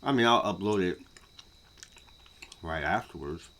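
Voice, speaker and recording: A man ranting casually to camera as a vlogger, profane and repetitive, swinging from muttering to yelling. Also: low voice, lively intonation, measured pace, a little hiss or hum.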